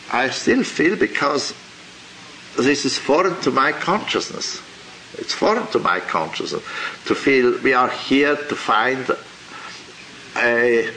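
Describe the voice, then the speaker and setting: A man teaching a religious class, lecturing in a deliberate, halting way and asking rhetorical questions. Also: medium pitch, bright, forceful tone, slight background noise, low-quality recording.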